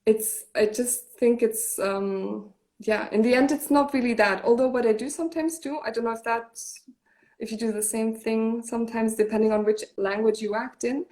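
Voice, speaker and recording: In a darkish, higher-than-average voice at normal speed, a woman from Germany talks as an actress guest in a casual interview chat. A native German speaker, she speaks loosely, restarting often and filling with "like."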